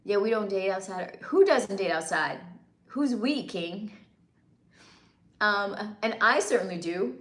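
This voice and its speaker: This livestream host, a woman from the northeastern US, reads viewer comments in a casual chat, teasing playfully and laughing a lot. Her mid-range voice is expressive, slow, and full of pauses, and the room has an echo.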